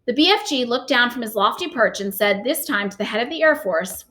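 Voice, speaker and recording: A woman narrating a storybook aloud in an expressive reading voice. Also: a little high, brisk. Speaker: reader.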